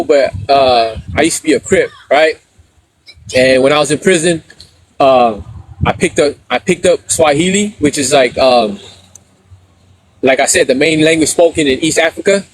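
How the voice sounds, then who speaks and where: Slangy middle-aged man chatting on a live stream. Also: a little high. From San Diego, USA. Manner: storytelling with street slang, laughing often. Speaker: livestreamer reading chat. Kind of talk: casual live stream chat.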